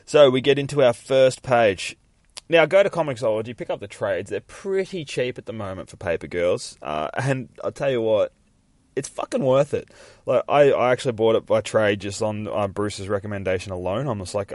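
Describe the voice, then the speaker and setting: Low-voiced, swearing comic podcast host. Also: male voice, lively intonation, normal speed, darkish tone, no room sound. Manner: profane, offhand, reads comic panels aloud. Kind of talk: casual comic book reading and chat.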